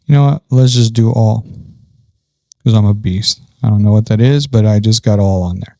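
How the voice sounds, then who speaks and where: A man's voice: lowish voice, quick pace, gravelly, dark tone, no room sound. A man talking casually through a farming game setup, thinking aloud with frequent ums. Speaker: gaming channel host. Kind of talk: casual gameplay commentary.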